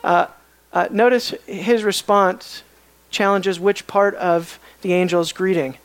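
A Bible teacher giving an expository lecture, often pausing to put questions to the students. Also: mid-range voice. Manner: questioning, emphatic, pauses to ask the class.

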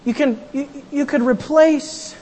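A pastor preaching a sermon in a church, animated, acting out quotes and raising the voice for emphasis. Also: high-pitched, a little slow. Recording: long hall reverb.

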